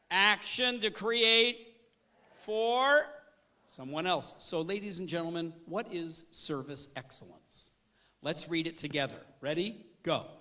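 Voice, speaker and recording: A male trainer with a high, bright, ringing voice leads a seminar with energy. He keeps putting questions to the listeners and has them answer back. His delivery stays lively and engaging. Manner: energetic, quizzes the audience. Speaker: service trainer. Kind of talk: interactive seminar talk.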